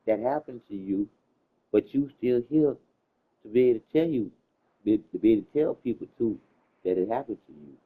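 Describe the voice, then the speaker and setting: A man's voice: mid-range voice, husky. Man with a tinny phone-line sound. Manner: loose storytelling with slang and cursing. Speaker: host. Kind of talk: casual chat.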